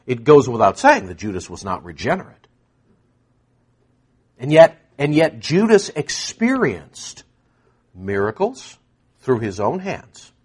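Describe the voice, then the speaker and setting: Emphatic male preacher, lively pitch. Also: slow pace, long pauses, husky. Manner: emphatic, swings from hushed to loud, repeats words for stress. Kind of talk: sermon.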